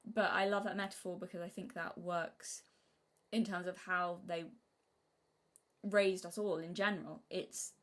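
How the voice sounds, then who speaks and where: A young woman from Britain talking casually on a live stream, rambling and restarting her sentences, sometimes acting out what she said as a child in a high voice. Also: fairly even intonation, a little slow. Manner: rambling, self-interrupting, acts out childhood quotes in a high voice.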